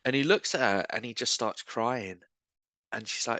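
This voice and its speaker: Casting: male guest, mid-pitched, dry close sound, spins funny faith anecdotes. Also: moderate pace, dry recording. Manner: animated, self-mocking anecdotes. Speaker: guest, street evangelist. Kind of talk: casual storytelling chat. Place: pub bar.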